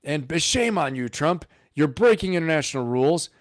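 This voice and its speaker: Guy doing a whiny flustered politician taking it all back, raised pitch. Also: lively intonation, fairly quick, no room sound, studio quality, close to an everyday voice. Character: mocking take on a flustered male foreign leader.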